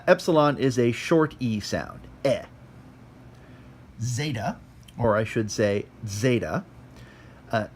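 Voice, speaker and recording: Guy walking thru greek letters, chatty and self-deprecating, voice swings up and down. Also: mid-range voice. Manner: conversational, self-deprecating, sounds letters out slowly. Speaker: teacher. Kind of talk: casual lesson.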